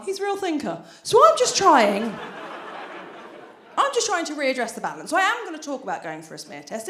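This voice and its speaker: Lively British woman doing stand-up. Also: high voice, echoey room, a little hiss or hum. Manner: chatty, conspiratorial asides to the crowd. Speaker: stand-up comedian. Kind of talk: stand-up comedy routine. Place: theatre stage before an audience.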